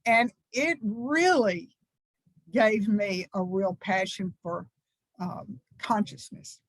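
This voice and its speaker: Speaking slowly at a medium pitch, a sixty-something Southern woman guest-preaches at church, recounting personal stories with folksy enthusiasm. She is a reverend. The recording is dry and of poor quality.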